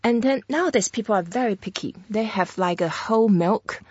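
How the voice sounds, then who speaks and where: A woman teaching a language in a patient, explanatory way, repeating words slowly for the listener to practise. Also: mid-range voice, darkish tone, breathy edge, dry recording, dull audio. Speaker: Mandarin teacher. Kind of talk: language lesson chat.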